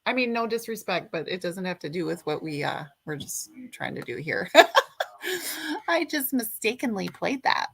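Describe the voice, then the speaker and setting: A woman's voice: lowish voice, animated, moderate pace, creaky, fairly bright tone, slightly rough. A woman hosting a livestream, chatting casually and giggling. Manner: giggly, amused. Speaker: livestream host.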